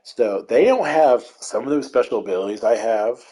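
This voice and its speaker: A man's voice: mid-range voice, lively intonation, moderate pace, dark tone. A man telling rambling raid stories over gameplay, swearing constantly in casual commentary. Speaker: gamer recounting raid stories.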